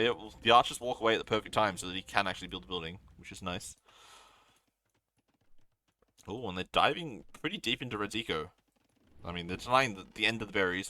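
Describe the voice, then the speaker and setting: A man from Australia casting a strategy game live, reacting eagerly to plays and answering chat. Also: lowish voice. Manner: excitable, quick reactions, reads viewer chat aloud. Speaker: caster.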